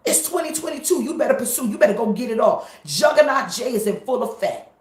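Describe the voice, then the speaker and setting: A woman pastor preaching a live-streamed sermon, emphatic and repetitive, sometimes breaking into shouts. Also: fairly high pitch, animated, fast talker, reverberant.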